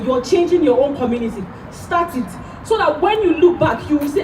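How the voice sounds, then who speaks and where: A woman's voice: high voice, lively intonation, fairly quick, noisy background. A woman in her thirties from Nigeria giving an emotional, rousing speech at an outdoor rally, repeating key phrases. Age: 30s. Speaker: rally speaker.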